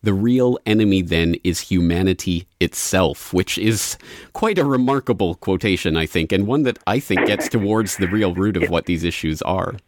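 A man hosting an interview, speaking in an articulate, measured and analytical way. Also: sits low, dry recording. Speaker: host. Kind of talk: interview discussion.

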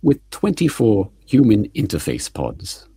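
A stiff, precise robot butler, played by a man in a storybook reading, politely correcting everyone. His voice is husky and gravelly, and it swoops widely up and down. The sound is dry and close. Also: lowish voice, wildly swooping pitch, unhurried, dark tone, no room sound, exaggerated voice. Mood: formal. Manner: stiff, exact and overly polite. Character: prim, formal male household robot butler. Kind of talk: audiobook character reading.

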